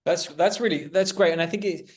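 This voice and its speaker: A man hosting an interview over a video call, talking in a halting way and repeating words as he restarts. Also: sits high. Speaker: interview host. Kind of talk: casual interview.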